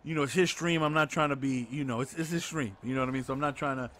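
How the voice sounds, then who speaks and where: A man co-hosting a podcast, telling a story in casual chat, excitable and sarcastic, acting out the people he quotes. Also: medium pitch, quick pace. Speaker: podcast co-host.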